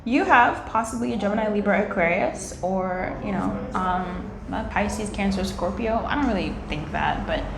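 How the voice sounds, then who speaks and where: A young adult woman giving a casual tarot reading, chatty and animated, slipping into little quoted voices. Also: medium pitch, normal speed, creaky, hardly any pauses, a crowd in the background. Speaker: tarot reader. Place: indoor room by a window. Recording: echoey room with faint ambient noise.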